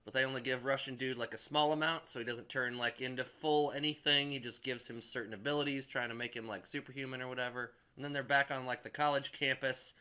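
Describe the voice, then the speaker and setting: A man's voice: mid-range voice, fairly even intonation, fast, few pauses, pushed and bright, clean tone. A man casually recapping a movie in a rambling way, packed with filler words and swearing. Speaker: movie reviewer.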